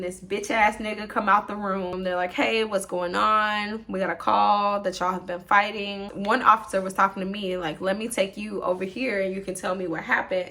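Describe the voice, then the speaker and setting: Brash, profane young woman telling a storytime. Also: medium pitch. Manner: blunt, profane and animated, acting out both sides of the argument. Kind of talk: casual storytime monologue.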